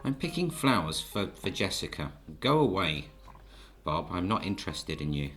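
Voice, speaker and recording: A small male field mouse, fed up and indignant with the bigger mice, as a man acts him out. The voice stays close to the narrator's own low register, with only a light change. Faint music plays behind this children's storybook reading. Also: big pitch swings, moderate pace, a bit bright. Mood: exasperated. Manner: indignant, exasperated.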